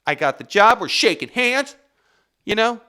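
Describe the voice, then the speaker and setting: A man tells a story as a casual podcast host. He rambles and swears, full of restarts, and his pitch swings widely up and down. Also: normal speed, smooth. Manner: rambling, profane, animated, with restarts.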